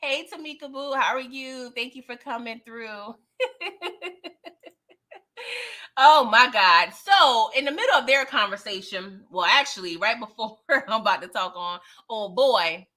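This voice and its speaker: With a bright, forceful, fairly high voice, a TV recap host talks at a measured pace with lively intonation. She's chatting live about an episode in slangy, emphatic fashion, laughing often and capping points with "okay?".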